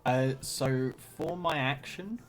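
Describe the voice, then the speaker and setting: A man's voice: mid-range voice, takes it slowly, soft background music. A man playing in an online tabletop game, casually explaining his moves step by step. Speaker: player.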